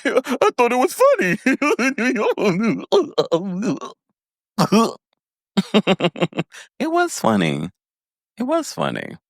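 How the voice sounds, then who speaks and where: A man giving a casual, animated recap of a reality show, laughing often and acting out quotes in a higher voice. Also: dry recording, clean studio sound. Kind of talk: casual commentary.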